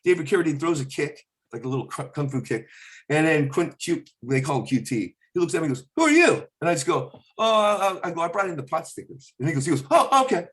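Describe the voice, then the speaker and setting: A stand-up comedian telling a rambling story, often restarting sentences and slipping into quick celebrity impressions. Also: male voice, fairly high pitch. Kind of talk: animated storytelling.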